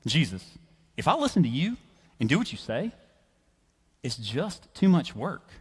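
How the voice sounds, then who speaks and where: A man's voice: fairly high pitch, sing-song, unhurried, breathy edge, exaggerated voice. A man voicing an anxious male fisherman who makes excuses, whiny and exaggerated. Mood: complaining. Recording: reverberant church hall.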